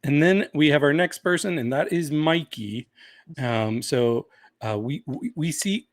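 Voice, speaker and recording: Man co-host for a casual podcast recap, a bit higher voice, close dry recording. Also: unhurried, dry recording. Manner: relaxed, chatty, laughs and hedges with "like" and "um".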